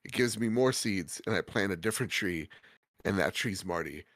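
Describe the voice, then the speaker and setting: A man's voice: deep voice, animated, normal speed, fairly bright tone, no room sound. A man co-hosting a podcast in casual chat, heartfelt and rambling with many restarts, his nose stuffy. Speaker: podcast co-host.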